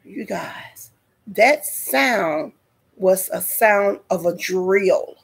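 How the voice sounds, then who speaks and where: Woman doing a storytime vlog, slow and dramatic, talks right to the viewers, gravelly voice. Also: medium pitch. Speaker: vlogger.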